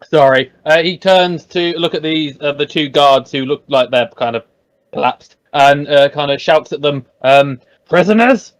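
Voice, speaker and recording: A man playing in a tabletop game, describing what his character does with hesitant ums and uhs. His voice sits fairly high, and the sound is dry and close. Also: steady tone, moderate pace, clear, resonant tone, no room sound. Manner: hesitant, describes actions with fillers. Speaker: player. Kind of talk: casual tabletop play.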